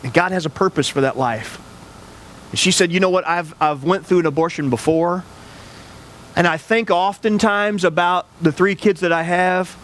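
A man's voice: high voice, moderate pace, fairly bright tone, slight background noise. A man pastor preaching a sermon, telling a personal story in an earnest, conversational way with frequent restarts.

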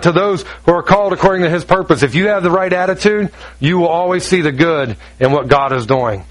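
Through a rough recording, a middle-aged pastor with a notably high voice for a man delivers a sermon. He's folksy and joking with his listeners, acting out snippets of conversation as he goes.

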